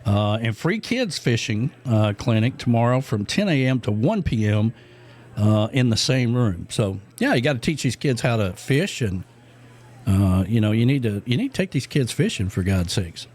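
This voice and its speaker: A man's voice: medium pitch, sing-song, normal speed, darkish tone. A middle-aged man co-hosting a radio show in casual chat, rambling with lots of fillers and restarts.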